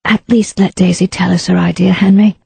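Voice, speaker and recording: A woman narrator voicing a gentle aristocratic wife who pleads and soothes. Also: lowish voice, flat delivery, brisk, gravelly, slightly rough, no echo, full character voice. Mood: pleading.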